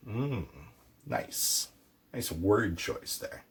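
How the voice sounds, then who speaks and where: Male language tutor, casual and playful, pitch swings widely. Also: measured pace. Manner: playful, animated, with mock dialogues. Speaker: Irish language teacher.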